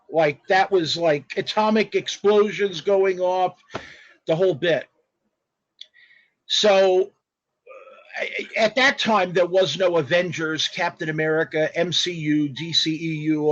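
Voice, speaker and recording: A man telling stories as a guest in a casual interview, animated and rambling, with spoken sound effects. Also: fairly high pitch, measured pace, dry recording. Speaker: guest artist. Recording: dull lo-fi dry audio.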